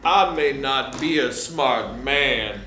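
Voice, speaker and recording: A man's voice: medium pitch, bright, forceful tone, slight background noise. A man playing a dim, earnest young football player in a comedy sketch, speaking in simple broken phrases. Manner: slow, simple broken speech. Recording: roomy studio echo.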